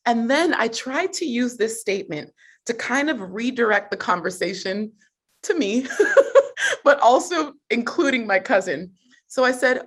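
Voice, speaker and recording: A woman hosting a live personal growth coaching session at a mid pitch. Her delivery is upbeat and conversational, dotted with frequent laughter. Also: expressive, normal speed, fairly bright tone. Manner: upbeat, chatty, laughs often.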